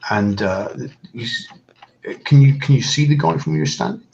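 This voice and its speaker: A man's voice: medium pitch, lively intonation, normal speed, vocal fry, darkish tone, lo-fi sound. A man running a tabletop game as game master, narrating hesitantly with many fillers and restarts.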